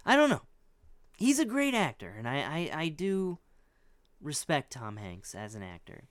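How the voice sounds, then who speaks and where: A man's voice: on the high side, huge pitch swings, a little slow, dry recording. A man co-hosting a podcast, chatting casually and rambling, hedging with many restarts. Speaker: podcast co-host. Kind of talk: casual chat.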